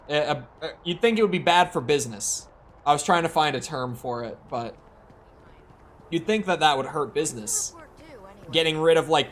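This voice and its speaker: A man's voice: fairly high pitch, fairly bright tone. A man streaming a game, chatting casually with rambling, self-correcting, sarcastic asides. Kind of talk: casual gameplay commentary.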